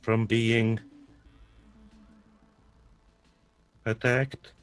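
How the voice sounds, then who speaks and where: A man voicing an earnest android crewman in a tabletop role-play, measured, soft-spoken and literal. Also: mid-range voice, level tone, smooth, close to an everyday voice.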